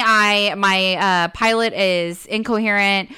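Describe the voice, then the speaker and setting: Female co-host with a smooth voice, an animated storyteller who acts out quotes. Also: mid-range voice, measured pace, hardly any pauses. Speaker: podcast co-host. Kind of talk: casual chat.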